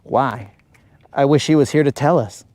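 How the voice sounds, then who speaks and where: With a mid-range, slightly mellow voice and no room sound, a US man runs a fishing livestream. He rambles and jokes through viewers' comments, teasing them at length.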